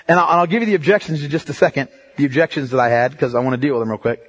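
A male pastor preaching a sermon, emphatic and direct, dropping from loud bursts to a hush and checking in with his congregation. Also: mid-range voice, very fast, hardly any pauses. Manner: emphatic, swings between loud outbursts and hushed stretches; talks straight to the congregation, checking in often.

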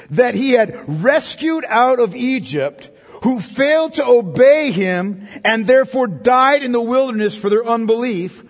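A man preaching an expository sermon, emphatic, with rhetorical questions that build to forceful peaks. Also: extremely high pitch, long reverb tail.

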